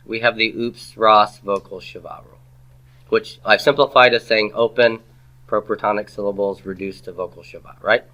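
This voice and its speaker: A man's voice: on the low side, lively intonation, a little fast, sharp tone. A man giving a classroom grammar lecture, patient, asking the class questions and repeating their answers. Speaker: Hebrew grammar teacher.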